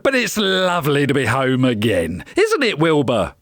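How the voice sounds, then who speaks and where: A woman's voice: low-pitched, huge pitch swings, normal speed, no echo, studio quality, voice pushed down, full character voice. A woman voicing a playful, cheeky witch in a children's storybook, speaking in a raised, sing-song voice. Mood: cheerful. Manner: bright, sing-song, sometimes whispering.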